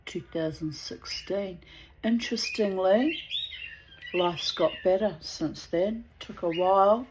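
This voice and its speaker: A woman, an author telling personal stories in a chatty, digressive, animated way. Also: medium pitch, slow, noisy background. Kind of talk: casual storytelling with asides.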